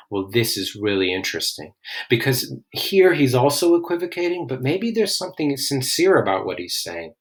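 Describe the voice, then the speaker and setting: A man explaining a classic play line by line in a relaxed, casual way. His voice sits in a middle pitch, and he tosses in "like" often as he paraphrases. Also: normal speed. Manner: reads quoted lines with raised dramatic emphasis, then explains casually. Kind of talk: line-by-line literature lesson.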